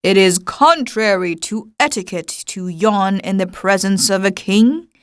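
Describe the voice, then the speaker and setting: A woman's voice: medium pitch, measured pace, slight background noise, natural voice. A woman voicing a proud, pompous old king in an audiobook reading, speaking in a commanding, stately way. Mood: stern. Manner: commanding, stately, a little flustered.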